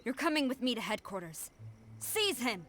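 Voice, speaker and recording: A stern young army general. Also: female voice, on the high side, very animated, normal speed, fairly bright tone. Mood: commanding. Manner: commanding, curt. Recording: with game music behind.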